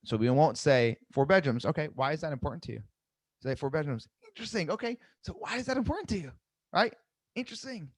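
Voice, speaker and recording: A man coaching a live sales webinar, seated, energetic, repeating key phrases and asking "right?" often. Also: mid-range voice, no room sound. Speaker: sales trainer. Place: seated indoors at a desk.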